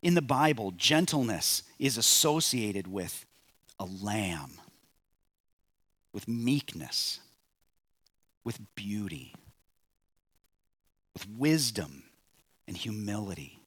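A pastor preaching a sermon in a measured way, rising on key phrases and dropping soft at line ends. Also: male voice, mid-range voice, husky, dry recording.

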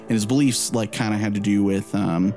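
Low-voiced chatty male podcast co-host. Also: fairly even intonation, fairly quick, mellow, faint music behind. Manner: loose and chatty, many "um" and "like" fillers, laughs easily. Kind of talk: casual chat and spoken prayer.

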